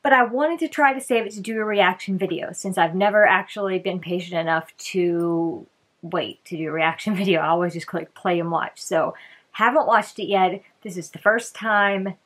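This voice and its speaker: A woman's voice: lowish voice, normal speed, a bit bright. A woman hosting a casual reaction video, chatting and thinking aloud, often restarting and trailing off.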